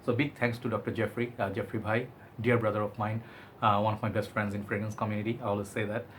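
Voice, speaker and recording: A man's voice: on the low side, level tone, fast talker, a bit bright, slight background noise. A man giving a chatty, enthusiastic product review, often hedging with "I think". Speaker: fragrance reviewer.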